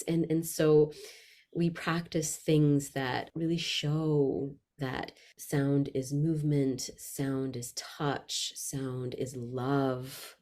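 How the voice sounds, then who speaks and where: Low-voiced expressive woman vocalist. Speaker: vocalist and voice workshop leader. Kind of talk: reflective interview conversation.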